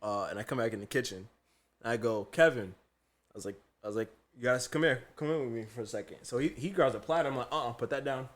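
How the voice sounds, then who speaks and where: A man's voice: medium pitch, quick pace. A young adult man, a chef and podcast co-host, telling a story in casual chat, acting out the people he quotes and often breaking into laughter. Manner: animated storyteller, acts out quotes, laughs a lot.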